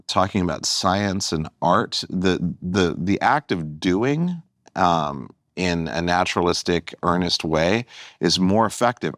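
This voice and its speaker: A male guest comedian talking in casual conversation, rambling and animated with many restarts. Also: low voice, no room sound, clean studio sound.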